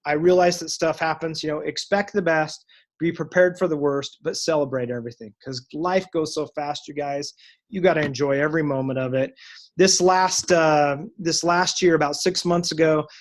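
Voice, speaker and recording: A man's voice: a little high, steady tone, normal speed. A man who owns a salon, telling upbeat motivational stories in a casual call. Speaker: salon owner and guest speaker. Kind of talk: casual storytelling on a recorded call.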